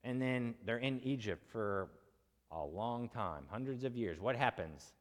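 A man's voice: medium pitch, lively intonation, a little slow, long reverb tail. A man preaching an expository sermon in a conversational way, asking his listeners questions and acting out quotes in casual voices.

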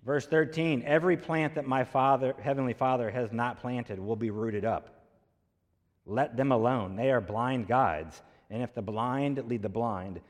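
A man preaching a sermon as pastor, emphatic and pressing hard on key words. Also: mid-range voice. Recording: long hall reverb.

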